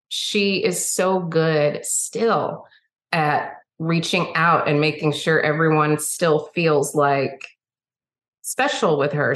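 A woman guest, a singer-songwriter, telling stories in a chatty, animated way and acting out the dialogue. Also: sits low. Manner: chatty, animated storyteller who acts out dialogue. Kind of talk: casual interview storytelling. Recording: roomy echo.

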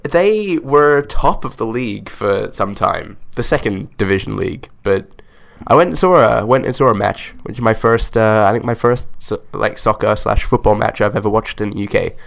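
English guy on a podcast, low gravelly voice, rambles easy, lots of ums. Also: expressive, normal speed, few pauses. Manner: easygoing, rambling. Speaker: podcast co-host. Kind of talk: casual podcast chat.

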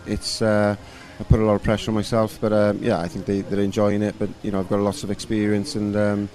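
Low, flat-voiced relaxed man. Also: a little fast. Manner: relaxed, rambling with many fillers. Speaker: rugby coach and former player. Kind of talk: casual interview answers.

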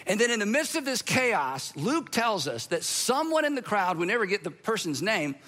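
Bright, high-voiced male pastor preaching. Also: normal speed. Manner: conversational, animated, acts out quoted voices. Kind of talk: sermon.

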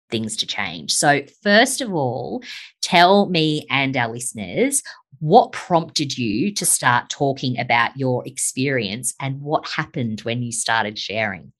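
A woman hosting a podcast interview, gushing and enthusiastic with a quick laugh. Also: rumbling low. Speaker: podcast host. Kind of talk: warm interview chat.

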